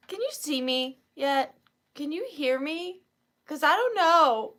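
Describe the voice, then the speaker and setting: A woman's voice: high voice, lively intonation, slow pace, a bit bright. A woman, hosting a casual live sale stream from home, playful and giggly, greeting viewers by name.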